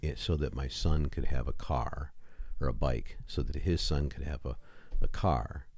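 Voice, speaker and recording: A man co-hosting a podcast, musing in a halting, philosophical way in a studio. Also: rumbling low, darkish tone, no room sound. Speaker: podcast co-host. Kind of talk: casual comedic commentary.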